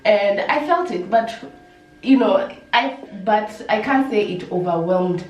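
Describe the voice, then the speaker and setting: A woman chatting with friends, calmly explaining how she deals with setbacks. Her voice sits in the middle of the range. The room is echoey and she sounds slightly off-mic. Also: mid-range voice, a little slow, recorded from a distance. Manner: reflective, talks through her own coping habits. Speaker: podcast co-host. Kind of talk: casual group chat.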